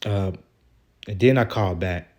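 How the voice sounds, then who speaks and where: A man with a very low voice vents to his camera about a falling-out. His talk wanders and doubles back, aggrieved and loose, with casual swearing. It sounds like a personal vlog monologue. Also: moderate pace, darkish tone. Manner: rambling and aggrieved, with casual profanity. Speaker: vlogger. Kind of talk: venting vlog monologue reading out texts.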